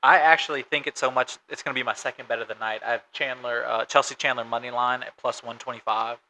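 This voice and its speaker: A man's voice: mid-range voice, steady tone, fast, sharp tone, a little hiss or hum, poor audio. A man co-hosting a casual sports podcast, matter-of-fact as he runs through stats and betting odds. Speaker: podcast co-host.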